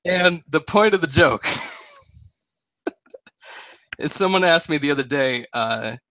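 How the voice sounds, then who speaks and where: A man in casual sports chat on a podcast, with a bright, forceful voice recorded close and dry. He jokes around and chuckles often as he talks. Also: on the high side, animated, slow, no room sound. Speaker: podcast co-host.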